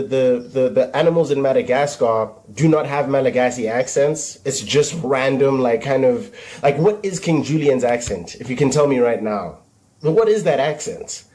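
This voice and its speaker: A man talking to camera in a casual monologue, musing aloud in an exasperated, animated way. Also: medium pitch, moderate pace.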